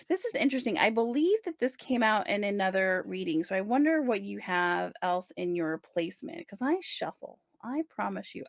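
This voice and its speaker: A woman's voice: medium pitch, vocal fry, no room sound, studio quality. A woman giving a casual tarot reading, chatty and reassuring, often checking in with the listener. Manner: chatty, reassuring, many "right?" check-ins. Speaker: tarot reader.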